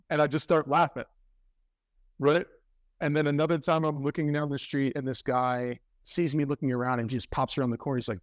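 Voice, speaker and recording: Animated storytelling man on a podcast. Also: a little high, no echo, studio quality. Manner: animated, with quick self-corrections. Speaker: podcast guest. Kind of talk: conversational storytelling.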